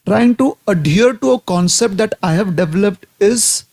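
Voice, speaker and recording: Guy giving a devotional talk, high voice with lots of gravel, slow and deliberate, keeps asking isn't it. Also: animated, a little mellow, no echo. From India. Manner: deliberate, with rhetorical tag questions. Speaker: devotional speaker.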